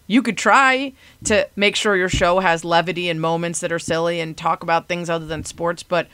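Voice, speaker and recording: A woman's voice: on the low side, bright, forceful tone, no room sound. A woman giving an earnest, admiring tribute to a show. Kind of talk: tribute speech.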